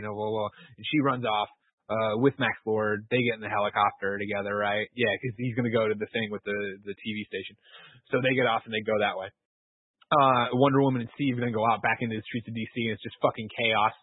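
Casting: male podcast co-host, quick and husky, profane and animated, tinny phone-like sound. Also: medium pitch, no room sound. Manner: fast, animated, swears a lot, acts out lines. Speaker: podcast co-host recapping a film. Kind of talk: casual profane movie recap.

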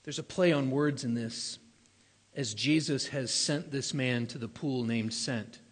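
Husky male preacher in a reverberant hall. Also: medium pitch, a little slow. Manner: conversational, emphatic repetitions, some stumbles. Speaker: pastor. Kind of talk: sermon.

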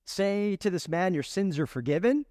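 A man's voice: sits high, lively intonation, moderate pace, darkish tone, clean studio sound. A man preaching a sermon as pastor, earnest and full of rhetorical questions, leaning into key words. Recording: long reverb in a large hall.

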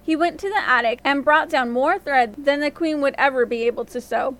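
A woman storyteller narrating a fairy tale in a gentle, expressive reading voice. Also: sits high, brisk.

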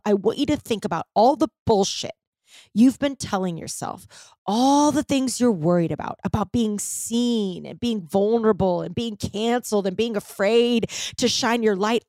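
A woman's voice: fairly high pitch, a little mellow, dry recording, clean studio sound. A middle-aged woman telling a personal story in a candid, emotional way, swearing often. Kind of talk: personal story told to listeners.

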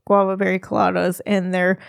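A woman's voice: medium pitch, little pitch movement, brisk, gravelly, smooth, no room sound, clean studio sound. A middle-aged woman telling a travel story in casual chat, giggling often as she talks. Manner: giggly, laughs often while telling stories. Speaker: podcast co-host.

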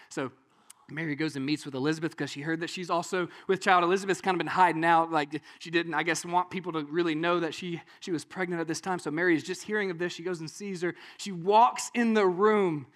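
A man delivers a sermon in a notably high voice. He talks to his listeners in a casual, animated way and often checks in with them as he explains a passage. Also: fairly quick. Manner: animated, conversational, often asks "right?". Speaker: pastor.

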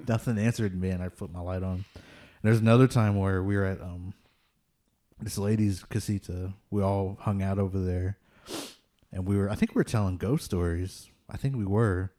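A man's voice: sits low, steady tone, moderate pace, warm tone. A man casually telling ghost stories, rambling with lots of fillers and laughing nervously at the tense parts. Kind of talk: casual storytelling of ghost encounters.

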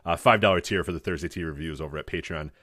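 A man hosting a wrestling podcast in casual chat, laughing often and breaking into high-pitched impressions. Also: rapid-fire, fairly bright tone, no echo, studio quality. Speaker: podcast host.

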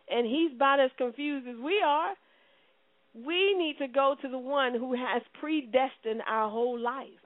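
A woman preaching a sermon with impassioned delivery, swinging from loud declarations to hushed, prayerful tones. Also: high voice, no room sound. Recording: tinny phone-like line.

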